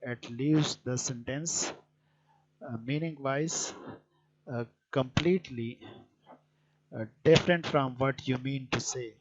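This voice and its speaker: A man teaching a grammar lesson, explaining points deliberately with frequent hesitant fillers. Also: mid-range voice, slight background noise. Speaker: English teacher. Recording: dull lo-fi recording.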